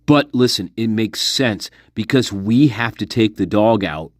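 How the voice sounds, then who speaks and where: A man's voice: on the low side, unhurried. A man talking to his viewers in a casual monologue, speculating intensely, repeating himself and swearing often. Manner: intense, repetitive, profane speculation. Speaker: online commentator.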